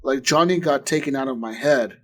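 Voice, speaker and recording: A man in a relaxed podcast conversation, telling a long story in a loose, rambling way. His voice sits at an ordinary middle pitch, and he keeps stacking fillers and curses while acting out the other people's lines. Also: fairly quick. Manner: rambling retelling full of "like" and swearing, acting out quotes. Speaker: podcast co-host. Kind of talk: casual chat.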